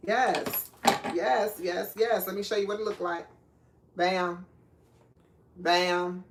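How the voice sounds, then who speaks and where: A woman's voice: medium pitch, steady tone, very slow, pauses often, a bit bright. A woman hosting a live cooking stream, chatting casually with viewers and laughing often. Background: clinking dishes and cutlery.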